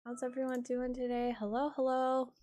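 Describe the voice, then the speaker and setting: A woman's voice: high voice, monotone, moderate pace, mellow. A young woman streaming a game, chatting casually, tired, talking to her chat and her cat.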